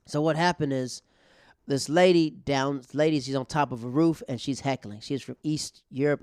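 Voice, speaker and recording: A man's voice: mid-range voice, darkish tone, dry recording, studio quality. A male comedian and podcast host telling a casual, rambling story with many restarts and fillers.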